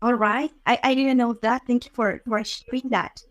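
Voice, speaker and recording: A woman's voice: a little high, fairly even intonation, normal speed, slight background noise. A woman interviewing a guest, talking hesitantly and saying "I mean" a lot. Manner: hesitant, many "I mean" fillers. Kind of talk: casual interview conversation.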